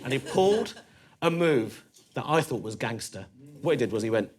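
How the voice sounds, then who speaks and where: Lively London man doing stand-up. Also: medium pitch. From East London. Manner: conversational and punchy, with quick asides to the crowd. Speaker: stand-up comedian. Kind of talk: stand-up comedy set. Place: comedy club stage. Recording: live club set with noisy crowd.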